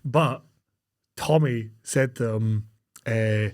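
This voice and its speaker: A man co-hosting a podcast, talking through a film with lively storytelling. He slips in and out of the characters' voices as he retells each scene. His voice sits at an ordinary pitch for a man. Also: drawn-out words. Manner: animated storytelling, acting out lines. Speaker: podcast co-host. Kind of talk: casual chat recapping a film.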